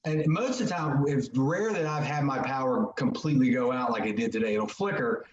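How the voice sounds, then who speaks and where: A man's voice: mid-range voice, a little fast. A man appearing as a guest on an interview show, answering in an easygoing way over a remote call. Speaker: guest musician. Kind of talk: casual interview chat. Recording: roomy, dull remote call audio.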